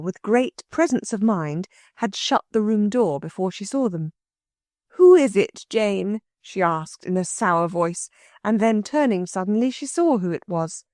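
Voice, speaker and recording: A woman narrating an audiobook in an expressive storytelling manner. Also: mid-range voice, no echo, clean studio sound. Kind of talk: scripted narration.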